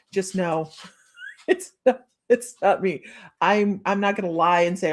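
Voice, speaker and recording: A middle-aged woman giving a live-streamed psychic reading, chatty and rambling with many pauses and restarts. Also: on the low side. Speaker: psychic medium.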